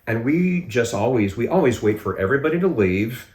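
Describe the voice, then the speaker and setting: A man's voice: mid-range voice, fairly quick. A man hosting a casual chat, telling stories with hesitant restarts. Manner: relaxed storytelling with hesitant restarts. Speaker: podcast host. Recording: roomy echo.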